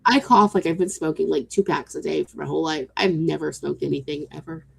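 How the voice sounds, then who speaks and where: A woman whose voice is gravelly and croaky from a recent illness, talking in a laid-back, teasing way. She is recorded dry and close, with nothing echoing around her. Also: sits low, a little fast. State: sick, croaky. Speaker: co-host. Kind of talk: casual chat.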